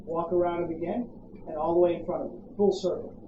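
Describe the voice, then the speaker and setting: An Australian dog trainer coaching owners outdoors, giving brisk commands and checking in with questions. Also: medium pitch, fairly even intonation, phone-quality sound. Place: outdoors at a campground. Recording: echoey, distant, noisy outdoor ambience.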